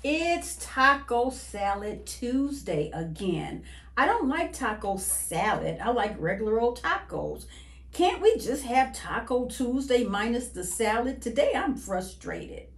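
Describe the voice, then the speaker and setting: Woman, children's story reader, slow and lilting, echoey room. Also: a little high. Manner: expressive, sing-song storybook reading. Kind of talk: reading a picture book aloud to children.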